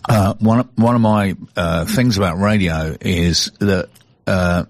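A man with a fairly low voice bantering on a radio show, teasing and joking with the host. He speaks into a studio microphone, and the sound is dry and close. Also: slow pace, dry recording. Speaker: radio station regular and guest. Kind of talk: casual radio chat.

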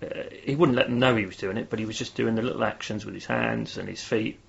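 A man's voice: fairly low pitch, steady tone, fast talker, creaky, slightly rough. A man explaining how negative phrasing works, in a conversational tone, sometimes leading a group experiment with enthusiasm. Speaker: guest speaker on performance psychology. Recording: dull lo-fi sound.

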